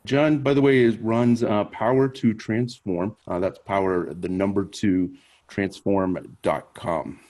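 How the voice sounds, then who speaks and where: A man hosting a podcast interview, talking in a relaxed, conversational way with small hesitations. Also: fairly low pitch, slow pace. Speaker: podcast host.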